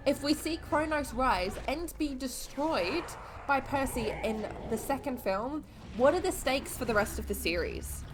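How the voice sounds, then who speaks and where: A young Australian woman reacting to films, exasperated and swearing as she yells at the screen. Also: high voice, animated, unhurried, hardly any pauses, noisy background. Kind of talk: casual reaction commentary. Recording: film audio playing behind.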